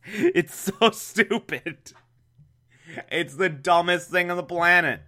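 Man, slightly high voice, unhurried sardonic recap delivery, bright tone. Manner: exasperated, mocking, breaks into laughter and shouts. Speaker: show recapper. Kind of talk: sarcastic episode recap.

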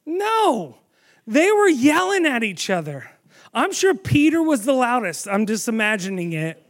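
A man preaching a sermon, telling the story with animated storytelling and asking the audience questions. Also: very high voice, measured pace.

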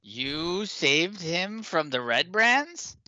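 A man's voice: on the high side, big pitch swings, sharp tone, no room sound, voice pushed up, exaggerated voice. A man voicing a timid, nervous male goblin who stammers through his lines. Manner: hesitant, stammering, with halting restarts. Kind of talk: tabletop role-play character voice.

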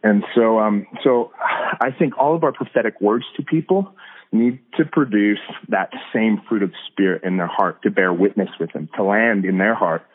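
A man's voice: fairly low pitch, moderate pace. A man talking earnestly as a podcast guest about hearing God, with frequent restarts and fillers. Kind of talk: casual faith talk. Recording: tinny phone-like line.

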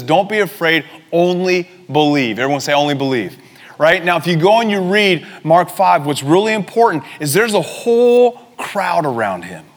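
A young man with a high, light voice preaches an energetic, conversational sermon, dropping in casual slang as he retells the stories. His voice carries a long reverb from the church hall he speaks in.

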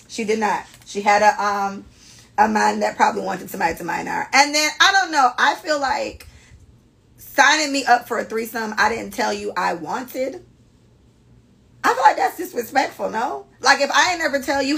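Young woman podcast host, brash storyteller, gravelly edge, lively delivery. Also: a little high, normal speed. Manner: animated, brash storytelling with frequent cursing. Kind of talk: casual chat, reading listener stories.

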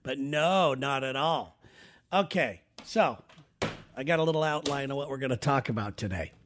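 A man's voice: mid-range voice, expressive, moderate pace, a bit bright, a little hiss or hum. A man co-hosting a podcast, chatting casually and telling rambling, joking stories. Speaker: podcast co-host. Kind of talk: casual chat.

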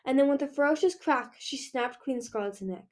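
A young woman reading a fantasy novel chapter aloud in an expressive way. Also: sits high, normal speed. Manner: expressive, lively. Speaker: reader. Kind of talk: audiobook-style reading.

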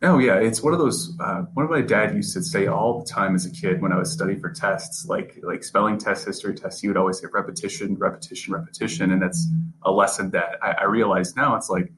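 A man's voice: lowish voice, brisk, noisy background. A young man, a sports reporter, talking earnestly as a podcast guest, often repeating and restarting words. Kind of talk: casual interview conversation.

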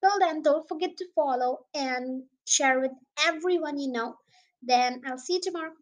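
A woman's voice: sits high, moderate pace, poor audio. A young girl hosting her own podcast, reading a children's poem aloud in an eager, sing-song way. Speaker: podcast host and reader.

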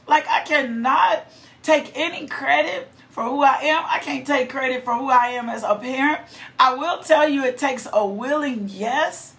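A woman's voice: fairly high pitch, a bit bright. A woman preaching and praying fervently, with repeated thanks, bursts of exclamation, and casual, colloquial talk to her listeners. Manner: fervent, repetitive praise with bursts of exclamation and laughter. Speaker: preacher leading prayer. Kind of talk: prayerful devotional sermon.

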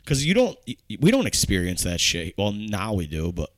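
A man's voice: fairly low pitch, huge pitch swings, fairly quick, dry recording. A young man from upstate New York, hosting a podcast with friends, telling a story in a loose, profane way and acting out what people said. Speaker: podcast host. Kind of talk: casual storytelling chat.

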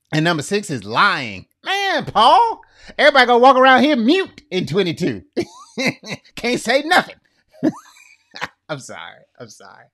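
Middle-aged male pastor, animated sermon, swooping lively pitch, dry close sound. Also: no echo. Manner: animated, laughs at own jokes.

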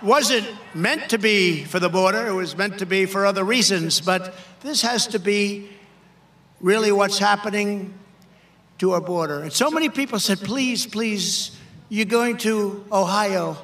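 An older man giving a political rally speech, emphatic and repetitive, often shouting. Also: high-pitched, moderate pace, recorded from a distance. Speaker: political speaker.

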